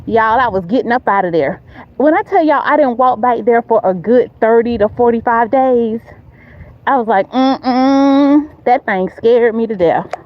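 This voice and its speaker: A woman's voice: a little high, moderate pace, muffled recording. Emphatic, preacher-like woman vlogger. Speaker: motivational faith vlogger. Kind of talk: motivational faith talk.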